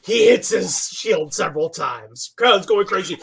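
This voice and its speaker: A man's voice: high-pitched, lively intonation, creaky, a bit bright, husky. A man narrating as game master of a tabletop game, restarting his sentences often. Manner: halting narration with many restarts, laughs often. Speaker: dungeon master.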